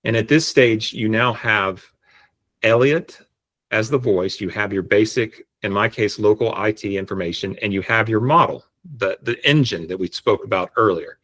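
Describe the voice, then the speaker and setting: A man explaining step by step how to set up an AI voice agent, speaking on a video call in a relaxed, explanatory way. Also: lowish voice, normal speed. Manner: relaxed, explanatory, frequent restarts. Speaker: tutorial presenter. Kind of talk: screen-share software tutorial.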